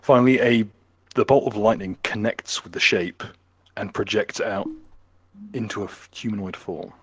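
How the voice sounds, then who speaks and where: A man's voice: on the low side, fairly even intonation, moderate pace, husky. A man narrating a tabletop game as game master, describing scenes with small restarts.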